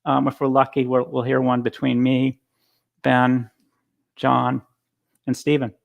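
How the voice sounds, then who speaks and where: A man's voice: mid-range voice, completely flat delivery, measured pace, creaky, narrow, tinny audio. A man giving a casual conference talk over a video call, telling stories with frequent restarts. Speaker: guest speaker.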